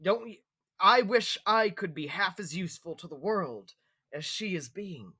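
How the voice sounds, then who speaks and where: A tabletop game player making slow, joking asides. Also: medium pitch, lively intonation, sharp tone, husky, no echo, studio quality.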